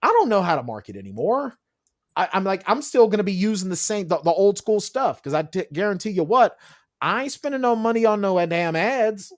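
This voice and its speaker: Speaking briskly in a high-pitched voice, a man appears on a video call as an author guest. In the casual conversation he tells stories animatedly, performing the quotes of the people in them.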